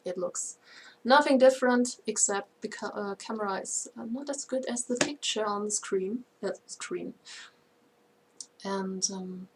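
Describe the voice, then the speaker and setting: A woman's voice: mid-range voice, unhurried, slight background noise. Chatty German-accented woman. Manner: chatty, laughs often, many fillers. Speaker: band member co-hosting a livestream. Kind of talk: casual livestream chat.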